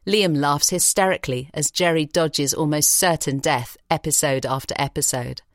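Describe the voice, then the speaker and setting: A woman reading an audiobook story in a measured, expressive way in a recording studio. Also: deep voice, dry recording. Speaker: audiobook narrator. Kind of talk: scripted narration. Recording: dry studio sound.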